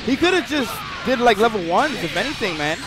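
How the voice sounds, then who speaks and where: A man's voice: extremely high pitch, very animated, fairly quick. Hyped slangy man calling fights, music behind. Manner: hype, slangy, swears, loud outbursts. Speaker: stream commentator. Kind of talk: excited casual fighting-game commentary.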